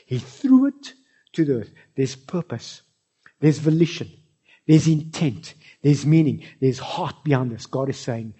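A man with a South African accent preaching a sermon, swinging between loud cries and soft low asides. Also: expressive, unhurried, slightly rough, lo-fi sound. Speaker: pastor.

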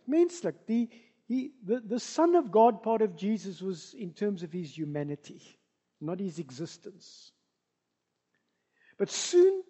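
A woman with a South African accent preaching a sermon, moving between soft asides and loud, emphatic passages. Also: a little high, highs cut off.

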